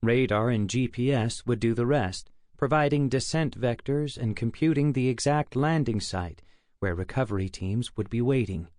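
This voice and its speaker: A man narrating a science fiction audiobook in a steady, measured storytelling manner, recorded on a close studio mic. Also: medium pitch, no echo.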